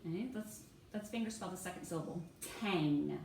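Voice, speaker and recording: A woman teaching a one-on-one phonics lesson, patient and encouraging, saying words out slowly and clearly. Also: mid-range voice. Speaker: reading teacher. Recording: echoey room, far from mic, faint hum.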